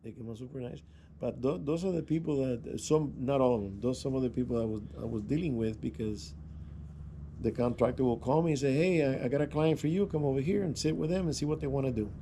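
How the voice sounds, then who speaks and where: A man's voice: medium pitch, fast talker, warm tone, a little hiss or hum. A man vlogging, telling rambling anecdotes in a casual way, with restarts and chuckles. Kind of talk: casual storytelling.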